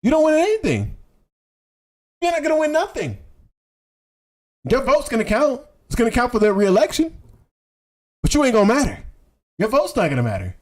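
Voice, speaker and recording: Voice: mid-range voice, wildly swooping pitch, moderate pace, pauses often, darkish tone. A political commentator doing livestream commentary on clips, talking heatedly in casual slang, repeating rhetorical questions and swearing.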